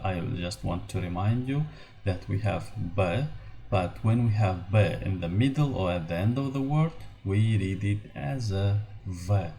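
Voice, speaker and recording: A man teaching a language lesson, explaining rules in a slow, halting way with many fillers. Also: on the low side, vocal fry, darkish tone.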